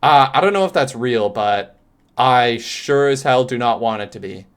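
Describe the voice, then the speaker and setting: Loud, profane young male streamer. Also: medium pitch, animated, moderate pace. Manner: loud, profane, exclamatory outbursts. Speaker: streamer reacting to a video. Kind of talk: casual reaction commentary.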